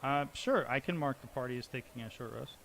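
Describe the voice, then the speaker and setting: A man running a tabletop game as game master, narrating in a measured, matter-of-fact way. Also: medium pitch, creaky, fairly bright tone, slight background noise.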